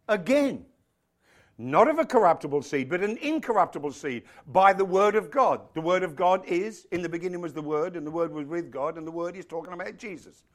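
Fervent preacher man, fairly high voice. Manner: fervent, rising to emphatic peaks, rhetorical questions to the congregation. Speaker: pastor. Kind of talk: sermon. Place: church.

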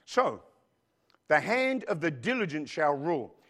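A man's voice: on the high side, very animated, measured pace, fairly bright tone. A male pastor preaching a sermon in a church, who keeps calling out to the congregation with questions as he goes. He grew up outside the United States. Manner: preachy call-and-response with the congregation.

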